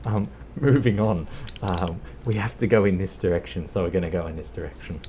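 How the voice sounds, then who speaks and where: A man's voice: low-pitched, a little fast, mellow, a little hiss or hum. An Australian man casually commenting on his gameplay in a rambling, laid-back way, swearing and laughing now and then. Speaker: streamer.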